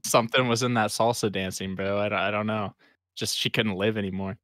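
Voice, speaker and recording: A man's voice: lowish voice, fairly even intonation, brisk, fairly bright tone, no room sound, clean studio sound. A man co-hosting a casual podcast, chatting in easygoing slang and laughing often. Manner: laid-back slangy banter. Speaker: podcast co-host. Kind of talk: casual chat.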